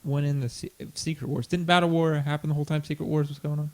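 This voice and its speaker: A man's voice: on the high side, fairly even intonation, fast talker, no room sound. A man co-hosting a casual comics podcast, laid-back and giving short replies. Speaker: podcast co-host. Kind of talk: casual chat about comics.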